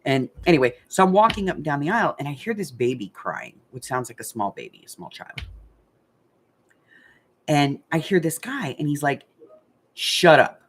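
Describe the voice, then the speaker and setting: An older woman hosting a craft channel, chatting casually as she tells a story with lots of fillers and animated retelling. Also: low-pitched, moderate pace, a little hiss or hum.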